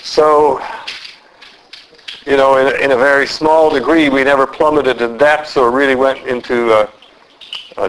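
A man preaching an expository sermon, speaking in a measured, deliberate way and slowing down for emphasis. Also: medium pitch, fairly bright tone, a little hiss or hum, poor audio.

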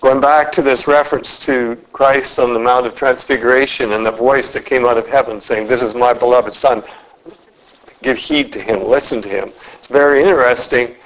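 A man preaching an expository sermon, speaking in a measured, deliberate way and slowing down for emphasis. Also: mid-range voice, a bit bright, low-quality recording.

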